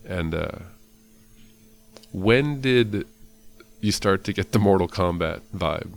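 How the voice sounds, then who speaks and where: A man's voice: deep voice, expressive, slow pace, vocal fry. A man in casual chat who swears often and laughs a lot.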